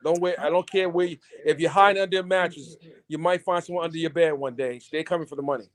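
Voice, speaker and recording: A man with a high voice calls into a live stream. He sounds relaxed and sure of himself, with a few hedges as he gives his take on a legal fight. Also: fast talker. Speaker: caller guest. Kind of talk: casual call-in chat.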